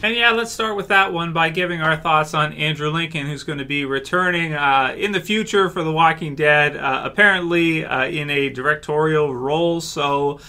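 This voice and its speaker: A man's voice: a little high, moderate pace, hardly any pauses, bright, forceful tone, faint music behind. A Canadian man giving casual fan commentary on a TV series, rambling with lots of fillers and small laughs. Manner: rambling, many "uh" and "you know", laughs often. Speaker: YouTube TV-show commentator.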